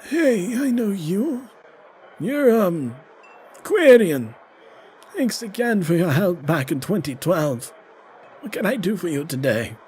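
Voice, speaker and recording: A man voicing the friendly ghost of a grizzled veteran runner in a high put-on voice. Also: sing-song, slow, long pauses, a little mellow, slight background noise, heavily acted.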